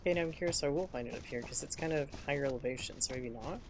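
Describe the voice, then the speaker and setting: A male streamer talks his way through a game in an easy, rambling manner, musing aloud as he goes. Clear hoofbeats and game ambience run loudly beneath his voice. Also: mid-range voice, rapid-fire, noisy background. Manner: rambling, thinking aloud while playing. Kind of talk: casual live gameplay commentary.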